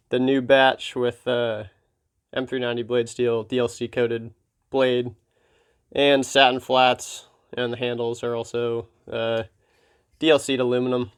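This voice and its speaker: A man from Pennsylvania hosting his knife vlog, talking casually and wryly, his voice slightly froggy and hoarse. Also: medium pitch. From Pennsylvania, USA. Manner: laid-back and wry, with filler ums. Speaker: knife channel host. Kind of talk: casual hobby vlog talk.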